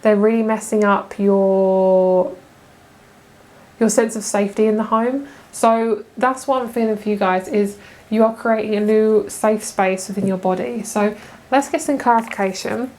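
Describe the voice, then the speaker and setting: Woman, young adult, tarot reader, casual chat, gushing, mid-pitched. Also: steady tone, unhurried, darkish tone. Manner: chatty and gushing, laughs often. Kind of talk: casual pick-a-card reading.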